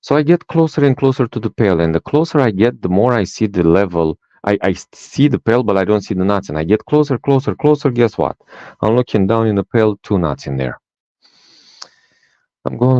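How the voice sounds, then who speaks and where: A Romanian-born man with a deep voice and Romanian as his mother tongue is interviewed on a podcast as a life coach, recounting personal stories a little fast. He brings them to life by acting out dialogue and tacking "right?" onto lines. The recording sounds dry and dull.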